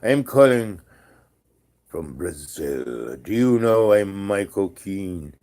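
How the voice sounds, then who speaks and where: A menacing male kidnapper on a phone line, as a storyteller puts him on, talking with a vague foreign accent. He draws his words out slowly, and his voice sits noticeably higher than an ordinary low male voice. He sounds calm and sure of himself. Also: natural voice. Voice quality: vague foreign accent, slow deliberate phrasing.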